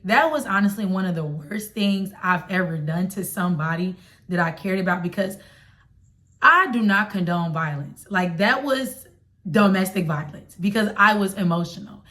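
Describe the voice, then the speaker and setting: A young woman from Chicago with a Chicago accent, telling a personal story to her viewers in a confiding, slangy, animated way. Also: mid-range voice, normal speed. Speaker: vlogger. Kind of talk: storytime vlog.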